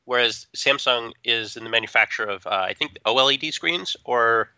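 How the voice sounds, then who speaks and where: A man co-hosting a tech podcast, chatting in an animated, joking way with quick asides. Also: medium pitch, clean tone, dry recording. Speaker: podcast co-host. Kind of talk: casual opinionated chat. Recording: dull dry close-mic sound.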